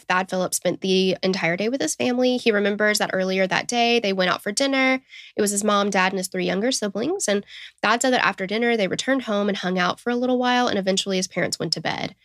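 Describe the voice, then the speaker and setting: A woman with a Southern US accent, co-hosting a true crime podcast in a relaxed, chatty way. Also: mid-range voice, fast talker, no room sound, studio quality. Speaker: podcast co-host. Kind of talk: casual true crime storytelling.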